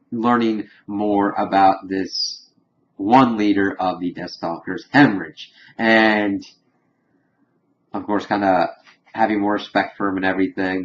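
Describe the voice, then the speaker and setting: A man casually recapping a cartoon episode in a rambling way, full of fillers and quick acted quotes. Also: low-pitched. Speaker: reviewer. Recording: dull lo-fi home recording with faint hiss.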